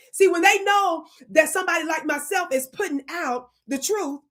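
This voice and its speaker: A woman's voice: very high-pitched, fairly bright tone. A woman hosting her own channel, delivering a fiery, preachy commentary monologue that scolds viewers, stretches words out for emphasis and keeps asking if they are listening. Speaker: channel host.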